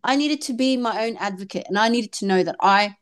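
Speaking fairly quickly in a mid-range voice, a woman in her thirties is a podcast guest sharing emotional talk about faith, fertility, and motherhood. She's earnest and animated, often switching into the voices of people she quotes.

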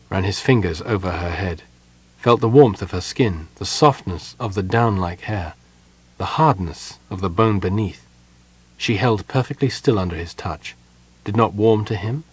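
A man narrating an audiobook in a measured, quiet way. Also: lowish voice, slightly rough, no echo, poor audio.

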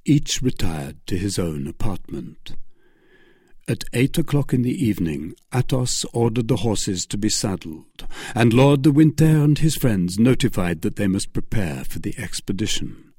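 A man narrating a classic adventure novel in a measured, expressive storytelling manner, close to the mic. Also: fairly low pitch, slightly rough, no echo. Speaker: audiobook narrator.

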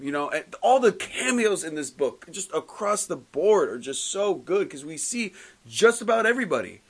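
A man talking casually on a podcast with a slightly higher voice, walking through a comic's plot. He jumps into quick quoted lines for the characters and keeps circling back with "so" and "anyways.". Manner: animated storytelling, recapping plot with quoted voices. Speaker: comic book podcast co-host. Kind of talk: casual chat.

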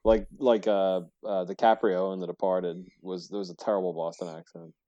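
A man's voice: low-pitched, level tone, moderate pace, dark tone. A man co-hosting a podcast in casual chat, talking emphatically and giving strong opinions. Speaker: podcast co-host. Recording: dull lo-fi sound.

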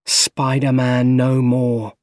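Man voicing Peter Parker, earnest and slow. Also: medium pitch, monotone, darkish tone, no room sound, studio quality, close to an everyday voice. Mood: guilty. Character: guilty, grieving young man.

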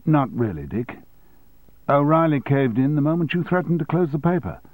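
A man's voice: a little high, moderate pace, dry recording, voice pushed up, lightly acted. A fawning yes-man executive gushes praise in a raised, eager voice, as a male narrator puts him on. The recording is dry and close-miked. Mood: flattering. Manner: flattering.

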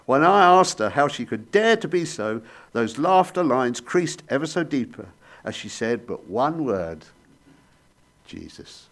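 A man preaching a sermon, telling stories with sudden rises and soft, hushed drops. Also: mid-range voice, big pitch swings, measured pace.

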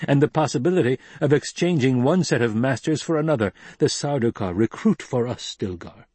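A man reading an audiobook, voicing a young male desert war leader in a firm, measured, authoritative way. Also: medium pitch, lively intonation, darkish tone, slightly rough, dry recording, voice pushed up. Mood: reasoning.

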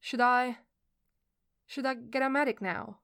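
A woman's voice: on the high side, steady tone, measured pace, a bit bright. A woman doing a flustered anxious young man. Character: anxious young man nursing a sick friend. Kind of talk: fan fiction reading.

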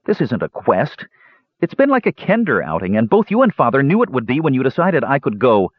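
A man's voice: mid-range voice, wildly swooping pitch, a little fast, husky, no room sound, phone-quality sound, voice pushed up. A man voicing a young male mage who is irritable and proud, speaking in peevish, clipped retorts. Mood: irritated.

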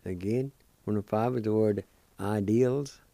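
A man teaching a language lesson, spelling and sounding out words slowly, syllable by syllable. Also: on the low side, creaky, warm tone, no echo. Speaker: language teacher and radio host. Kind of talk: slow pronunciation lesson.

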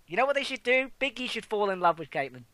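A woman's voice: medium pitch, very animated, fast, fairly bright tone, no room sound. A woman co-hosting a casual wrestling chat, sarcastic and giggly, swearing freely. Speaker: wrestling podcast co-host.

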